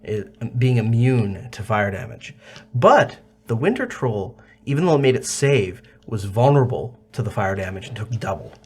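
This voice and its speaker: A man narrating a tabletop role-playing game as game master, animated and often laughing. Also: lowish voice, moderate pace, slightly rough, faint music behind.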